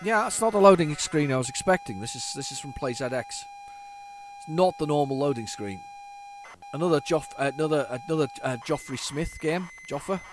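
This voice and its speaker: A man's voice: fairly high pitch, expressive, brisk, over music, low-quality recording. A man hosting a retro gaming video, chatting casually to viewers as he rambles, stumbles and restarts his sentences. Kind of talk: casual running commentary.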